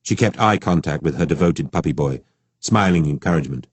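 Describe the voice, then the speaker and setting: A man narrating an audiobook in a measured, steady reading on a close studio mic. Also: very deep voice, breathy edge, no echo. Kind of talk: scripted narration.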